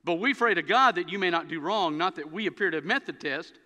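High, bright-voiced preacher in an echoing hall. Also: male voice, fast talker, muffled recording. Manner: storytelling, animated, dry humor. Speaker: pastor. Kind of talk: sermon. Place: church sanctuary. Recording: long reverb of a church hall.

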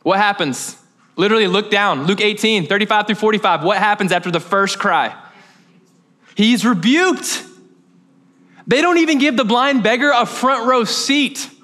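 A man's voice: high voice, moderate pace, bright, forceful tone. A young man preaching a sermon as pastor, conversational and joking, with off-the-cuff asides.

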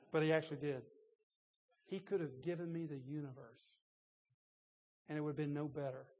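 A man in his sixties delivers a sermon with a slightly higher voice than usual and a husky edge. He talks in a loose, conversational storytelling way, with restarts and chuckles. His voice rings with a long reverb, as in a big church hall. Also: darkish tone. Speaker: pastor. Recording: long reverb in a large room.

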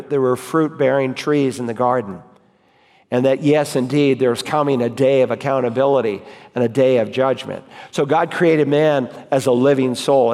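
Pastor guy preaching hard, mid-pitched voice, big church echo. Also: a little mellow. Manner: emphatic preaching, scripture quotes read slowly. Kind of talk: sermon. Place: church sanctuary. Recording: long reverb of a church hall.

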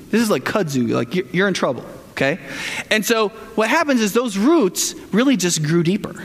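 A male pastor with a high voice preaches in a big hall where his words ring out in a long reverb. He talks casually to the room, checks in with "right?" and slips into the voices of the people he describes. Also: fairly bright tone. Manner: conversational, keeps asking "right?", acts out quoted people. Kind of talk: sermon.

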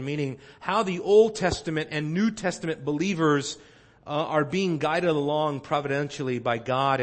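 A man's voice: fairly high pitch, in a large hall. A male pastor preaching a sermon, teaching earnestly with frequent fillers and restarts. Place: church sanctuary.

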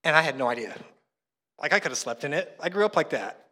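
High, bright-voiced male pastor in a big hall. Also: animated, fast talker. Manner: chatty, self-mocking storytelling. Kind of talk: sermon. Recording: long hall reverb.

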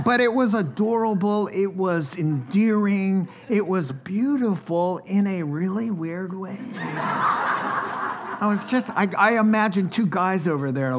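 A middle-aged man preaching a sermon as pastor, telling joking stories and laughing often. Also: high voice. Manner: animated, joking storytelling with frequent laughter. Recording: dull sound with faint background hiss.

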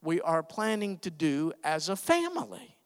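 A man's voice: on the high side, big pitch swings, unhurried, long reverb tail. A man voicing a firm and loving adoptive father within a sermon story.

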